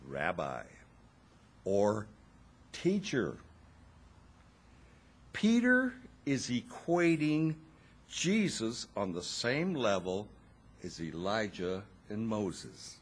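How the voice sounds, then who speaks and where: Husky guy preaching a sermon, slow and lively, dramatic pauses and wry little asides. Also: mid-range voice.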